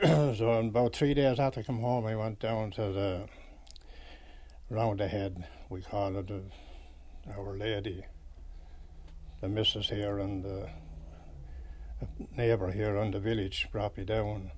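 A man's voice: fairly low pitch, fairly even intonation, unhurried, long pauses, a little mellow, slight background noise. An Irish man in an interview, recounting his own story in a rambling, homely way with many restarts. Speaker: pilgrim interviewee.

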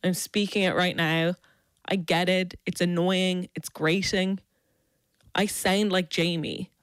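A woman's voice: on the low side, level tone, slow pace, clean tone, dry recording, clean studio sound. A woman with a South Dublin Irish accent delivering a scripted, sardonic comic rant as a radio columnist. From South Dublin, Ireland.

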